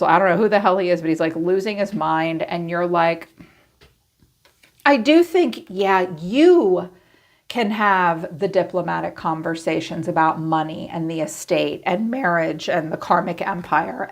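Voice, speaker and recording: A woman's voice: on the low side, creaky. A woman giving a casual tarot reading, chatty and blunt, swearing freely and acting out what people think. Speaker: tarot reader.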